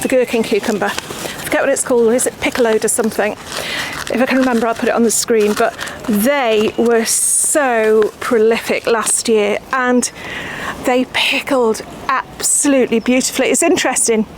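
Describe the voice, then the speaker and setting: A woman's voice: on the high side, fairly even intonation, normal speed, a little hiss or hum. A woman hosting her gardening channel, chatting casually and mocking herself as she sows seeds outdoors, sometimes dropping to a whisper while she works. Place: outdoor garden beside raised beds.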